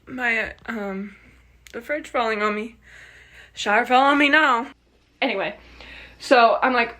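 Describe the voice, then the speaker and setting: A woman's voice: on the high side, a little slow, long pauses, pushed and bright. A woman vlogger telling a storytime in a casual, dramatic way, swearing freely and laughing as she tells it. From Australia.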